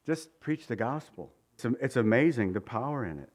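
A man's voice: medium pitch, animated, a little fast, a little mellow. A man preaching a conversational Easter sermon, joking with the congregation and asking rhetorical questions. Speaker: pastor.

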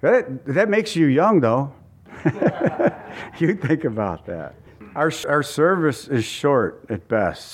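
A man preaching a sermon as pastor, earnest and conversational, repeating phrases for emphasis and adding casual asides. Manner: reads scripture in a slower, lower voice.

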